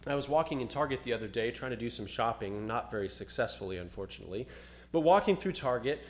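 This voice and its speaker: A man preaching an earnest Christmas sermon as a pastor, growing louder when he reads scripture. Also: mid-range voice, expressive, quick pace.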